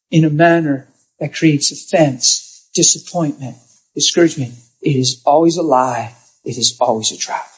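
A man's voice: a little high, breathy edge. A man preaching a sermon, telling stories in an emphatic, direct way. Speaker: pastor.

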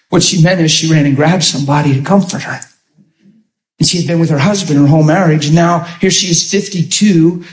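Animated male preacher in an echoey room. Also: fairly high pitch. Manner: animated storytelling, acting out quotes. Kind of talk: sermon.

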